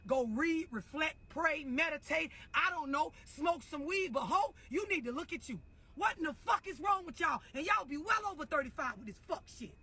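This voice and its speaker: High bright scolding woman ranting. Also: animated, normal speed. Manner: blunt, scolding, mocking. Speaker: online commentator. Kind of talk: profane ranting monologue.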